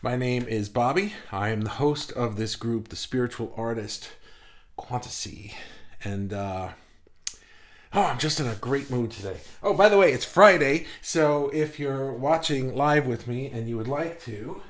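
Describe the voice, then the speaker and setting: A man hosting a casual live stream, talking quickly and a little out of breath, chatting with viewers and reading their comments aloud. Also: medium pitch, lively intonation. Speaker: host of an online art group livestream.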